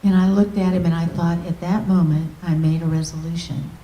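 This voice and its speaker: A woman minister telling an emotional testimony in a storytelling manner, often dropping to a soft, near-whispered voice. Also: fairly low pitch, little pitch movement, brisk. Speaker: guest minister. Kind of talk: testimony preaching. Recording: echoey hall, distant mic.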